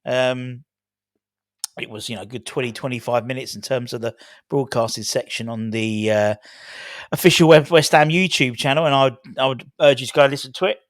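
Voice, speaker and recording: A man's voice: medium pitch, a little fast, no room sound. Chatty man, very dry sound. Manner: chatty, rambling with many fillers and restarts. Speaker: fan channel host. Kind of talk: casual solo video chat.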